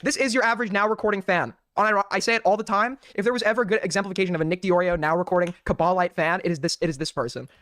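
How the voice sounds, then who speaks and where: A man's voice: high-pitched, very fast, hardly any pauses, a bit bright, no room sound. A man streaming, giving casual amused commentary on a roleplay clip, laughing and rambling with fillers. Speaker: streamer reacting to clips.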